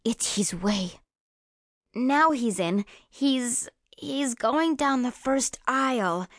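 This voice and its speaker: A woman's voice: on the high side, animated, slow, no room sound, studio quality. A woman voicing a terrified teenage girl who whimpers and panics, trembling as she talks. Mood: hushed dread.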